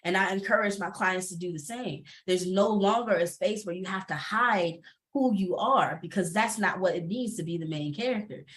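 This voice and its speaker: A woman on a panel, talking with passion and emphasis and breaking into laughter often. Her voice sits at an ordinary middle pitch for a woman. She comes through a video call. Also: normal speed, a bit bright. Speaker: entrepreneur and coach on a panel. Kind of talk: candid panel talk.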